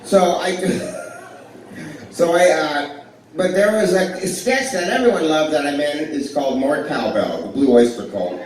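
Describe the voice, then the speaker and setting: A man's voice: on the high side, lively intonation, a little slow, a little hiss or hum. A man performing live stand-up comedy in a small club, rambling and self-deprecating, with lots of fillers and restarts. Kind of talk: live stand-up with crowd work. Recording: echoey, distant live club recording.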